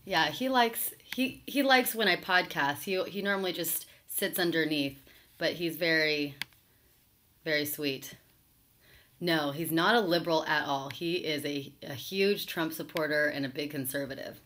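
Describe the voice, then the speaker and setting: A woman's voice: low-pitched, unhurried, a bit bright. A woman hosting a live show, reading viewer comments aloud and answering them in a sarcastic, chatty way. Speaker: talk show host reading live chat. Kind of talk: casual live-stream commentary.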